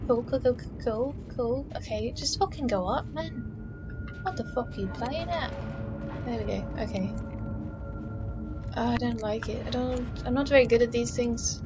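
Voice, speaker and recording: A let's-play gamer with a slightly high voice and a moderate pace, marked by long pauses, gives casual commentary while playing a game. She chats to herself, swearing and exclaiming often, over background music. The mic is dull and lo-fi with steady background noise.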